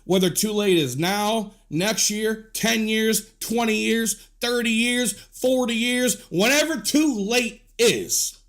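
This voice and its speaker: A man's voice: high voice, slow, hardly any pauses, fairly bright tone. A man delivering a heated, profanity-filled rant to camera, scolding and repeating himself. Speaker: commentator.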